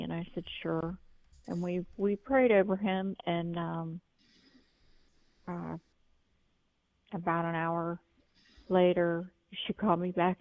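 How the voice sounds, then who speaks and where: Gravelly low-voiced woman caller. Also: dull audio. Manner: earnest, rambling storyteller. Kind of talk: call-in talk.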